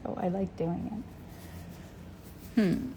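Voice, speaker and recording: A woman's voice: lowish voice, fairly even intonation, slow, background noise. A woman in her fifties hosting a live painting demo, thinking aloud as she works, greeting viewers by name and sometimes dropping to a near whisper. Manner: drops to a near whisper at times while working. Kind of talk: casual live-stream chat while painting.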